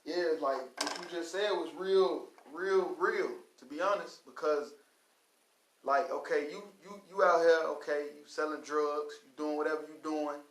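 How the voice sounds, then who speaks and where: A man on a radio show making a casual, slangy point. He starts out halting, then builds his argument by repeating himself. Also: on the high side, fairly even intonation, roomy sound, slight background noise, poor audio.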